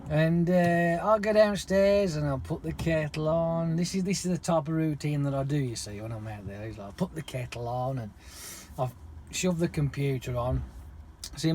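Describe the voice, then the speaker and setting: A man talking casually to his vlog camera, swearing his way through an animated rant. His voice sits a little high for a man, and there's a faint hum underneath the recording. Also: normal speed. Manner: swears constantly, animated storytelling. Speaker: lorry driver vlogger.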